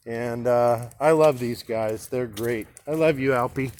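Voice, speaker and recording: A man speaking candidly to his own camera, halting with restarts and casual swearing, in an inspirational personal monologue. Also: mid-range voice, darkish tone. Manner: halting, with frequent restarts and fillers.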